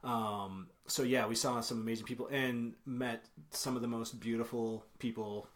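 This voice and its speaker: A man's voice: mid-range voice, steady tone, moderate pace. A young man as a podcast guest, telling a travel story in a casual, rambling way, full of ums, self-corrections and small chuckles. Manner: chuckles while telling stories.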